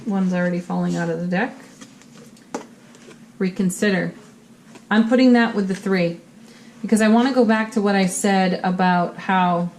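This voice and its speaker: A woman's voice: mid-range voice, darkish tone, slight background noise. Upbeat woman giving a tarot reading. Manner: upbeat and encouraging, with spiritual phrasing. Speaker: tarot reader. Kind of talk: monthly tarot reading for viewers.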